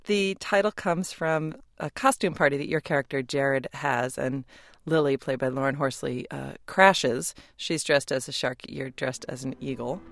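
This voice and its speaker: A radio interviewer narrating scripted introductions and asking questions with a crisp, wry delivery. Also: mid-range voice, normal speed, a bit bright, no echo, studio quality.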